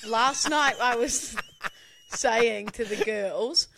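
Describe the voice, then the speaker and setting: A young man co-hosting a podcast, chatty and quick, telling stories and teasing back. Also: very high voice, vocal fry, bright, forceful tone, a little hiss or hum. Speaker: podcast co-host. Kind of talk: casual banter.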